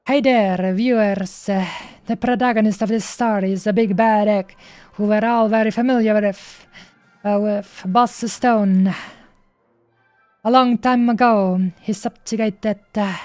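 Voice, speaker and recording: A woman's voice: mid-range voice, fairly even intonation, moderate pace, a little mellow. A woman streamer reading game dialogue aloud in a playful way, stopping often on fillers as she goes.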